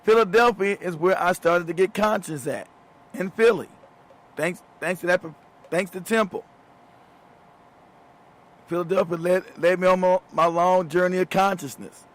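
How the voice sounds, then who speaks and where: A man's voice: sits high, moderate pace, pauses often. A man in his fifties hosting a show, telling loose, profane stories, laughing often and repeating himself as he goes. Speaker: show host. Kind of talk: casual storytelling monologue.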